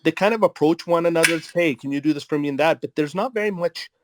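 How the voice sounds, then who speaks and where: A man in casual podcast chat, speaking reflectively and gently reframing what he hears. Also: on the high side, quick pace, noisy background.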